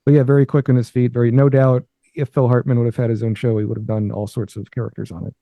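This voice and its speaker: A man's voice: mid-range voice, flat delivery, fast, no echo, dull audio. A man co-hosting a podcast, chatting in an easygoing, agreeable way. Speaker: guest co-host. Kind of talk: casual podcast commentary.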